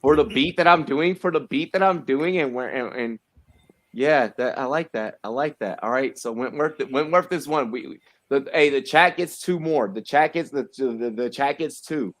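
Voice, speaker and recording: Animated, repetitive livestream host. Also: male voice, mid-range voice, moderate pace, no room sound. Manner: animated, repeats himself, many fillers. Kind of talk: casual livestream chat.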